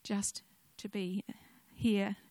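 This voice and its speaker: A woman's voice: mid-range voice, level tone, very slow, no room sound. Older woman telling a devotional story. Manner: gentle storytelling, conversational asides. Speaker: speaker sharing a devotional message. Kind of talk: personal testimony sermon.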